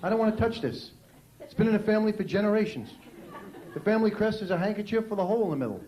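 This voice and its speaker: A New York man works a comedy club stage with wry, self-mocking punchlines. His voice sits high for a man. It rings in an echoey room, and a loud audience and the hiss of an old VHS tape fill the background. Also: animated, rapid-fire. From New York City. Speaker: stand-up comedian. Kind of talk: stand-up comedy set.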